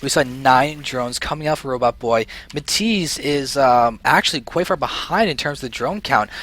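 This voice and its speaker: A young man giving solo play-by-play commentary on a strategy game, excitable and short of breath, speeding up then slowing down. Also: medium pitch. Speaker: esports caster.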